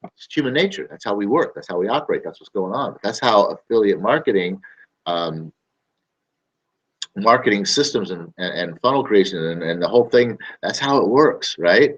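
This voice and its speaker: A man's voice: lowish voice, animated, normal speed, lo-fi sound. A man hosting a casual talk to camera, rambling and emphatic, often repeating his phrases. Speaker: show host.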